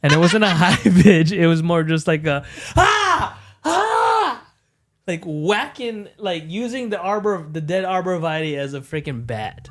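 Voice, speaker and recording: A young man co-hosting a podcast, telling a story in an animated way with lots of swearing and loud acted-out yells. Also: fairly high pitch, moderate pace, hardly any pauses, no room sound, studio quality. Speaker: podcast co-host. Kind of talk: casual chat.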